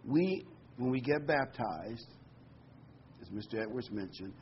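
A man's voice: mid-range voice, lively intonation, measured pace, lo-fi sound, slight background noise. A middle-aged male pastor preaching a folksy, conversational sermon with asides and corny jokes.

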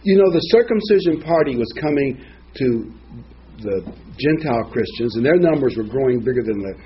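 A man's voice: medium pitch, lively intonation, normal speed, dull audio, slight background noise. A man giving an informal Bible teaching, rambling and digressive, with frequent asides and fillers. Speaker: preacher.

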